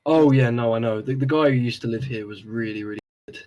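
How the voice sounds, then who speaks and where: A man's voice: medium pitch, quick pace, darkish tone, muffled recording, slight background noise. A man playing a tabletop role-playing game, chatty and slipping into his character's voice to talk to the group. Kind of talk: casual tabletop role-play chat.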